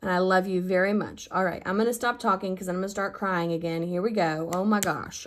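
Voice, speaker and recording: A woman's voice: lowish voice, fairly even intonation, fairly quick, few pauses, slight background noise. A woman teaching her fifth grade math class in a recorded lesson, talking to her students in a heartfelt, affectionate and encouraging way. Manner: encouraging, upbeat teaching talk.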